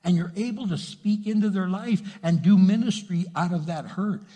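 Casting: male pastor, slightly higher pitch, husky tone, earnest repetitive preaching, long church reverb. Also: normal speed, dark tone. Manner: earnest, repetitive preaching, speaks directly to the congregation. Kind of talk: sermon.

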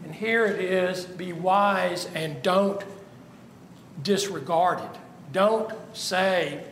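A man with a high voice preaches in a slow, deliberate way, asking his listeners rhetorical questions and pressing home each point. His voice rings in an echoey room with a faint hum of ambience behind it. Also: a bit bright. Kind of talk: sermon.

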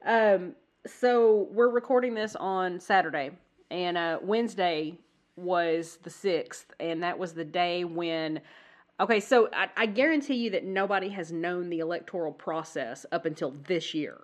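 A woman co-hosting a casual podcast chat while sick with the flu, coughing now and then, chatty and quick to laugh. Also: lowish voice. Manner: chatty, rambling, laughs easily. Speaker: podcast co-host.

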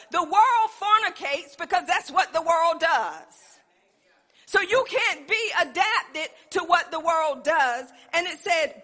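A woman preaches with emphatic call-and-response in a church. Her voice sits very high and sounds bright and forceful. A long reverb from the church hall trails behind her words. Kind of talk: sermon. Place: church sanctuary.

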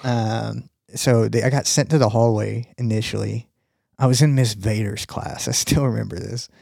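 Gravelly man telling a rambling story. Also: on the low side, fairly even intonation, normal speed, mellow, dry recording, studio quality. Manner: rambling storytelling with many fillers and laughs. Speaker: podcast co-host. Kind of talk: casual chat.

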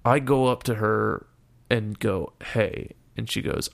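Young man, low gravelly voice, swears often while retelling a story, casual and exasperated. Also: a little slow. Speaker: storyteller guest.

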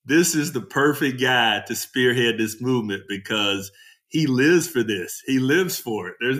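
A man with a bright, forceful voice telling old team stories in a relaxed podcast chat. He laughs as he goes and keeps tossing in "man." The talk is loose and animated. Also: medium pitch. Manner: animated storyteller, laughs often, says "man" a lot. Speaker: podcast guest, former ballplayer. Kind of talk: casual storytelling chat.

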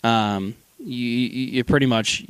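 A man co-hosting a casual film review, retelling scenes with lots of fillers and quick acted-out quotes. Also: mid-range voice, clear, resonant tone. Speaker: podcast co-host.

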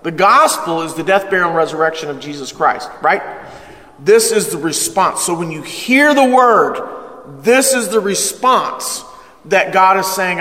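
Energetic male pastor with a high voice, preaching emphatically in a reverberant hall. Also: unhurried. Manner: call-and-response with congregation. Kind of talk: sermon, Bible study teaching. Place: church hall with live congregation. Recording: echoey hall with long reverb.

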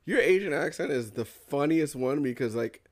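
A man's voice: on the high side, animated, normal speed. A man co-hosting a podcast, blunt and joking in crude, casual banter. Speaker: podcast co-host.

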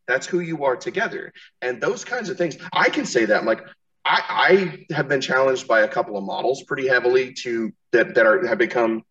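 A man's voice: medium pitch, fairly bright tone, distant mic, lo-fi sound. Rambling, cursing man off-mic. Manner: rambling, profane, restarts often. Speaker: podcast host. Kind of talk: casual interview chat.

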